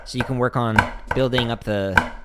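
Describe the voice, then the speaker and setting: A man hosting a casual drum practice livestream, talking viewers through exercises at an easy pace. His voice sits in a middle pitch, and he fills his explanations with "um" and "like" as he goes. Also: normal speed, heavy background noise. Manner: relaxed, explanatory, many fillers like "um" and "like". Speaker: drum teacher answering chat questions.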